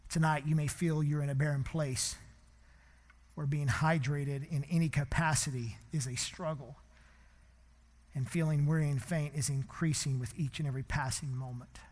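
A man preaches a sermon in a church, his fairly high voice carried by a long hall reverb. He is impassioned and swings from hushed to loud. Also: steady tone, moderate pace. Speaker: pastor.

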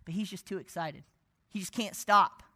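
A man's voice: sits high, normal speed. A man preaching an evening sermon, telling stories with animation and sometimes dropping almost to a whisper for asides. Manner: animated storytelling, drops to near-whisper for asides. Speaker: pastor.

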